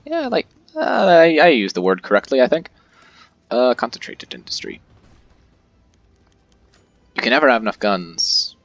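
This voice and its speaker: A man's voice: lowish voice, expressive, normal speed, pauses often, a bit bright, no echo, dull audio, soft background music. A man casually commentating his own strategy game playthrough, chatty and joking with viewers. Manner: chatty, jokey, reacts aloud to the game. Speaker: let's-play host.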